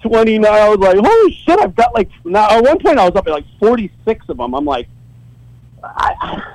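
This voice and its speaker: A man's voice: high-pitched, moderate pace, no echo, poor audio. A man talking as a podcast guest from his home office. He tells a story casually and with lots of energy, swearing often and laughing in between. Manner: profane, animated storytelling with laughs. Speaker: guest, site owner.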